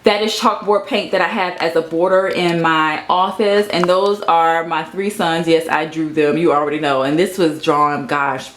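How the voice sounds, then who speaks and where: A woman's voice: steady tone, moderate pace, hardly any pauses, slight background noise. A woman in her thirties giving a casual, playful tour of her home office studio, talking to the camera and sometimes to her cat. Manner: chatty, playful, breaks into high baby-talk with her cat. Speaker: vlogger.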